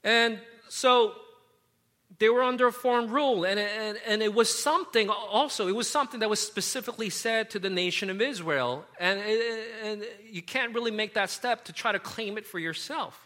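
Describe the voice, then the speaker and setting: A man's voice: high-pitched, normal speed, sharp tone. A man giving a conversational sermon as a preacher, rambling a little with frequent fillers and self-corrections.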